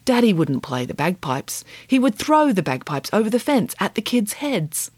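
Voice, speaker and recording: A woman voicing a dry-witted, joking mother in a read-aloud story, with deadpan, playfully absurd reasoning. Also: mid-range voice, normal speed, husky, no room sound, voice pushed up. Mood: wry.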